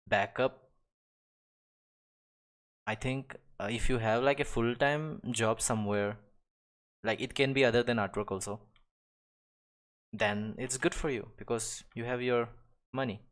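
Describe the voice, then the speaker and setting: A man's voice: mid-range voice, slow, long pauses. A young man chatting casually and rambling while he draws on a live stream, full of restarts and small chuckles. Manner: rambling, many restarts and fillers, chuckles often. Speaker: live-stream digital artist. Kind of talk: casual chat while drawing.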